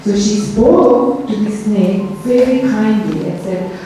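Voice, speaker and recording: A woman teaching children at a Dhamma school, telling a story gently and asking them lots of questions. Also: medium pitch, far from the mic, a little hiss or hum. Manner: slow, gentle, asks the children many questions. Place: temple hall. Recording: echoey hall, voice from afar.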